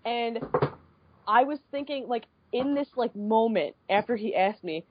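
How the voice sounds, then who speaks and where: A woman in her twenties from the Midwest, co-hosting a podcast and telling a story in a casual, animated way with frequent swearing. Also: on the high side, a little slow, lo-fi sound, a little hiss or hum. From American Midwest. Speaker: podcast co-host.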